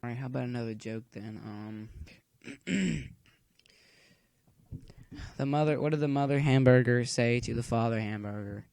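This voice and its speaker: A man talks through a coding tutorial from home at a middle pitch. He is easygoing and rambling and fills the waits with groan-worthy jokes. His voice is recorded close and dry. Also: moderate pace, creaky, long pauses, a little mellow, no room sound. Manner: chatty, cracks corny jokes while waiting. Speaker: tutorial maker.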